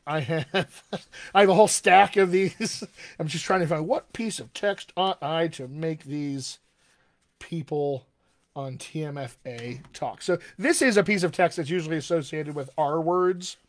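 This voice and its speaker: Man coaching accents, slow drills. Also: a little high. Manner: demonstrative, slows right down for drills and repeat-after-me text; chatty and encouraging with fillers. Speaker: dialect coach. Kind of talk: live-streamed voice and accent lesson.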